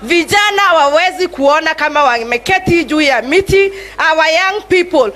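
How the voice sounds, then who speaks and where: A woman's voice: very high-pitched, lively intonation, moderate pace, hardly any pauses, a bit bright. A Kenyan woman giving an impassioned campaign speech at a political rally as a candidate for office. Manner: impassioned, mixing English and Swahili. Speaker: political aspirant.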